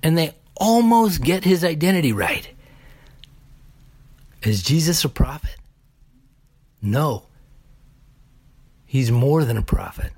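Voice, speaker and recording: A man preaching a sermon deliberately, building emphasis through repeated phrases. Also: on the high side, lively intonation, darkish tone, slightly rough. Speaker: pastor.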